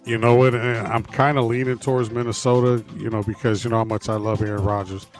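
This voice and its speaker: A man's voice: medium pitch, level tone, fairly quick, soft background music. A man co-hosting a sports podcast, giving his picks in a rambling, easygoing way with lots of fillers. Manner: rambling, many fillers and restarts. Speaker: podcast co-host. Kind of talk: casual sports talk.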